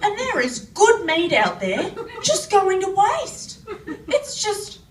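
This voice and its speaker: Blunt rural father, as a woman puts him on, unhurried, in an echoey, noisy room. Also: extremely high pitch, wildly swooping pitch, a bit bright, recorded from a distance, pitched above the performer's own voice, full character voice. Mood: matter-of-fact. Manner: matter-of-fact, blunt. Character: blunt rural Australian dad, older.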